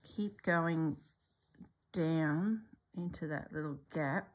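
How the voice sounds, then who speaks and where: A middle-aged woman talking through a stitch-along embroidery tutorial in a calm, musing way, often dropping to a soft whisper. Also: low voice, slow. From Australia.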